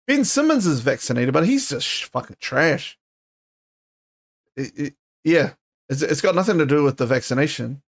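A young man hosting a casual solo podcast, ranting heatedly in slangy, swear-filled talk. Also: medium pitch. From New Zealand. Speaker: podcast host.

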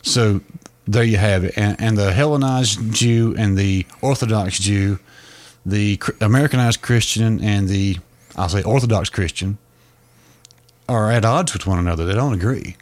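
Male podcast co-host, low voice, a casual storytelling explainer who often restarts his sentences. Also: moderate pace.

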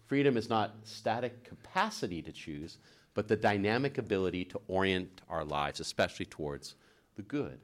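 A man's voice: fairly low pitch, animated, moderate pace. A man co-hosting a Catholic talk show, teaching in a chatty way and laughing easily as he tells stories. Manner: chatty storyteller, laughs easily, frequent "right?".

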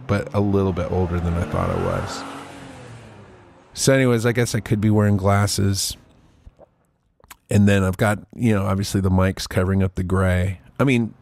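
Speaking into a mic held right in front of his face, a podcast host in his forties rambles along in a casual, profane, self-mocking way. His fairly low, gravelly voice comes with a little hiss or hum.

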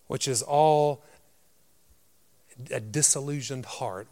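A man preaching a sermon as a pastor, with a loud, grumbly voice and a direct, emphatic manner full of rhetorical questions. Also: medium pitch, moderate pace, gravelly.

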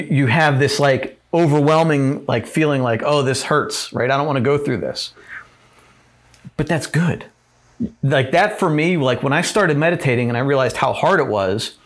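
A man giving an informal lesson while writing on a board, talking in a casual, rambling way with many fillers and tag questions. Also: medium pitch. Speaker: teacher. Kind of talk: informal talk on growth and pain, writing on a board.

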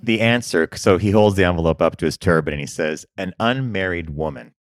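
A man co-hosting a business podcast in casual chat, an animated storyteller who laughs often. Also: low-pitched, fast, dry recording, studio quality. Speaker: podcast co-host.

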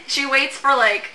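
A woman running a tabletop game as game master, narrating casually with lots of filler words. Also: high voice. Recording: roomy echo, faint hiss.

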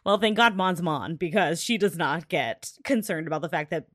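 A woman co-hosting a podcast in casual chat, blunt and swearing freely, breaking into loud laughs. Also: on the low side, lively intonation, normal speed, dry recording, clean studio sound. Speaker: podcast co-host. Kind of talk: casual chat recapping a TV episode.

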